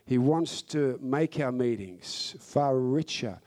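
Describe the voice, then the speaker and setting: A man's voice: mid-range voice, slow, a little mellow. A man preaching a sermon, fervent and emphatic, repeating phrases to drive points home.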